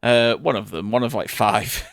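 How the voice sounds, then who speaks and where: A man's voice: lowish voice, normal speed, gravelly, a bit bright, dry recording, clean studio sound. A man, co-hosting a casual review podcast, laid-back and hesitant with fillers. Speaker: podcast co-host.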